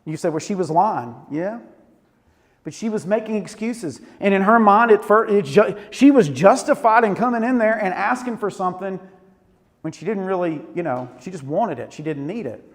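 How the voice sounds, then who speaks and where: A man in his forties preaches to students with a high-pitched voice and animated storytelling. His sermon rings with the long reverb of a church hall. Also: normal speed. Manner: animated storytelling with Southern "y'all". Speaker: youth pastor. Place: church auditorium.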